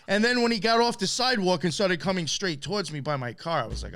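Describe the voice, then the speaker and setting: A man with a New York accent co-hosting a podcast, telling a story in a loose, animated way, swearing and laughing often. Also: sits high, fast, few pauses, no echo. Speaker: podcast co-host. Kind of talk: casual storytelling chat.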